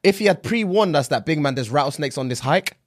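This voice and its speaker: A man in casual banter, stubborn and deadpan. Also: a little high. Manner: quick, stubborn, deadpan refusals.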